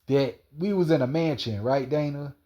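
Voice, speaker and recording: A man's voice: fairly high pitch, moderate pace, warm tone, lo-fi sound. A man rambling through a slangy personal monologue, stumbling, repeating himself and calling an absent person by name. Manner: slangy, repetitive, stumbling retelling.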